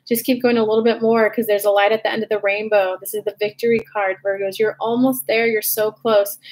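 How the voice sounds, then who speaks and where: A young woman from California giving a casual, chatty horoscope card reading in an upbeat way. She laughs easily at her own slips. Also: mid-range voice. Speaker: intuitive card reader.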